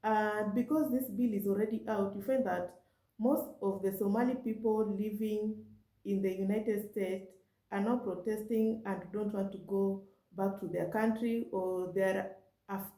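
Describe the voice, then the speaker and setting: A woman host introducing a reaction video in an earnest, measured way. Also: mid-range voice, dark tone, roomy sound, poor audio.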